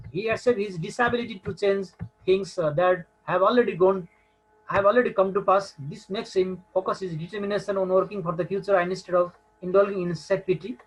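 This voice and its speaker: A man's voice: high voice, low-quality recording. A man with a Nepali accent teaching a recorded English lesson, hesitant and full of filler sounds.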